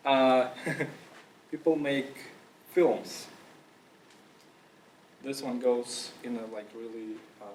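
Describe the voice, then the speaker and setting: This man speaks at medium pitch, drawing out his words and pausing often during a casual conference talk. He talks loosely, with many fillers, restarts and the occasional cough. His voice sounds distant in an echoey room, with slight background noise.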